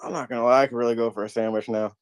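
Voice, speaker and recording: A man's voice: medium pitch, fairly even intonation, clear, resonant tone. A man hosting a casual livestream chat, teasing his guests and passing the mic around. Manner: teasing, quick-talking. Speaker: host.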